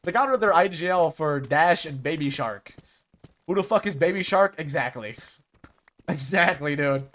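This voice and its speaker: A man's voice: a little high, expressive, normal speed, fairly bright tone. A young man streaming, chatting casually and rambling about esports rosters, restarting his sentences often.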